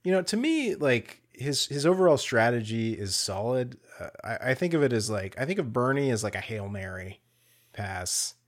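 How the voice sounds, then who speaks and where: A man's voice: mid-range voice, big pitch swings, normal speed. Laid-back man swearing casually. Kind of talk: casual political chat.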